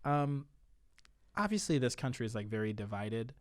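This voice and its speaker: A man in his thirties, a podcast guest, talking in a hesitant, halting way with many restarts. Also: medium pitch, expressive, no echo, studio quality. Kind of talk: casual conversation.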